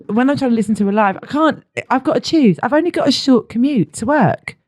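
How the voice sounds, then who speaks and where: A woman's voice: fairly high pitch, lively intonation, brisk, a little mellow, no room sound, studio quality. A woman singer co-hosting a podcast, chatting in an earnest, giggly way. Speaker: singer and stand-in co-host. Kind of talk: casual chat.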